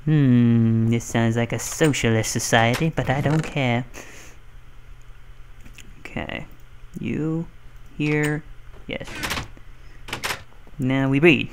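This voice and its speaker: A man's voice: mid-range voice, fairly even intonation, takes it slowly, long pauses, a little hiss or hum. A young man giving goofy, self-mocking commentary as he plays through a game. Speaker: gaming channel host. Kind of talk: casual let's play commentary.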